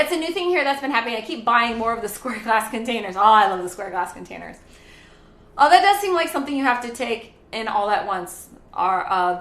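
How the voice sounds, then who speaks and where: Bright, chatty woman streaming from an echoey kitchen. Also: fairly high pitch. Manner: chatty, rambling, greets and reads out viewer chat. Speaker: charity stream host. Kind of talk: casual chat while cooking on a live stream. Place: home kitchen.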